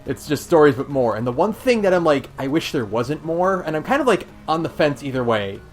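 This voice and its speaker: A man's voice: fairly high pitch, sing-song, a little fast, faint music behind. A man co-hosting a podcast in casual chat, enthusiastic but hesitant in his phrasing. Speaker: podcast co-host.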